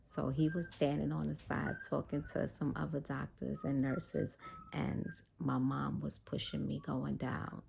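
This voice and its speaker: A woman vlogger casually telling a personal story, animated, tired and unwell. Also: low-pitched, measured pace, gravelly, a little hiss or hum. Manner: animated retelling, quoting others in dialogue.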